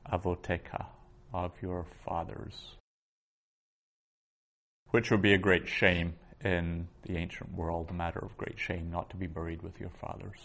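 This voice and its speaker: A man's voice: low voice, gravelly. A man teaching a Hebrew grammar lesson, explaining patiently and methodically, often restarting his sentences.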